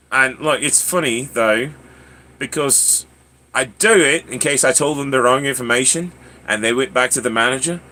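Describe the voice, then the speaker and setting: Laid-back American man, bright voice. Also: medium pitch, unhurried, long pauses, slight background noise. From United States. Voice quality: rambling, laid-back, many fillers and restarts. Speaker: livestream host. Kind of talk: casual chat.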